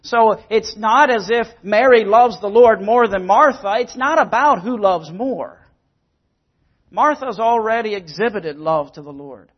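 A man's voice: high-pitched, unhurried, breathy edge, muffled recording. A man preaching a sermon, earnest and emphatic, sometimes repeating words as he explains scripture. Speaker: pastor.

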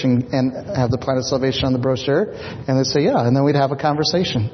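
A middle-aged man, a pastor, telling a personal story in a sermon, animated and acting out the voices of the people he quotes. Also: mid-range voice, fairly quick, hardly any pauses. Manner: animated, acts out quoted voices, repeats words. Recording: dull echoey hall recording.

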